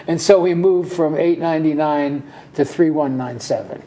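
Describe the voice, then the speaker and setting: An older man talks through his memories at an unhurried conversational pace. His voice is dark and mellow, with an easygoing, anecdotal manner and an occasional chuckle. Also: on the high side, steady tone, slight background noise. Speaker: interview guest. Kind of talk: casual storytelling interview.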